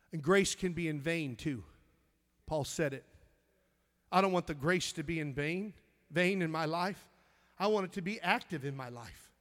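A man preaching a sermon in a church, emphatic, reading scripture aloud with halting restarts. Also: a little high, fairly bright tone, long reverb tail.

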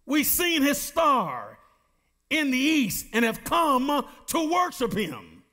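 A middle-aged man preaches a sermon in a high, very lively voice. He takes his time and reads scripture slowly and with emphasis, stopping to put questions to his listeners. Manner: preaching with call-and-response questions to the congregation. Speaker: pastor.

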